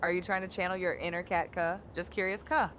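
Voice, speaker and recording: A woman's voice: fairly low pitch, level tone, a little fast, a bit bright, a little hiss or hum, lightly acted. A woman voicing a perky, catlike female AI chatbot, reading its replies aloud in a sing-song way on a live stream. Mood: bubbly. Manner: sing-song, tacks a cute tag onto every sentence.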